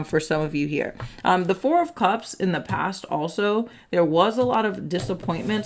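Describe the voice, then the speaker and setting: A woman giving a casual tarot reading, chatty, peppering her talk with "like" and "right?", and slipping into quick acted-out quotes. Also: fairly low pitch. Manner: chatty, fills speech with "like" and "right?". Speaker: tarot reader.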